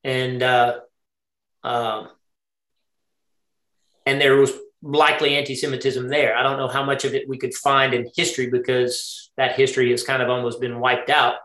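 A man with a middle pitch teaches an interactive Torah study class, thinking out loud at a moderate pace with little pitch movement. He keeps quizzing his listeners and checking in with things like "right?", and the room gives his voice a clear echo.

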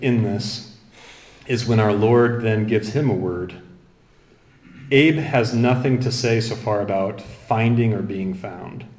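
Lower-voiced man preaching in an echoey room. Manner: expository, animated, quotes scripture. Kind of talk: sermon.

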